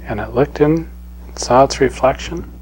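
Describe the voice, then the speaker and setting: A man giving a spiritual talk as a teacher, telling a parable in an unhurried, gently chuckling way. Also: medium pitch, slight background noise, low-quality recording.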